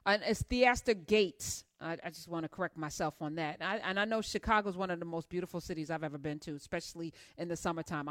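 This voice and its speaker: A woman hosting an interview, chatty, playful and animated. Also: on the low side, no room sound, studio quality. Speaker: show host. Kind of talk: casual interview.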